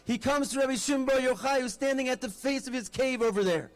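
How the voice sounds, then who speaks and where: A man, a rabbi, giving an animated storytelling address at an outdoor festival, mixing Hebrew terms into his talk. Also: very high voice, fast.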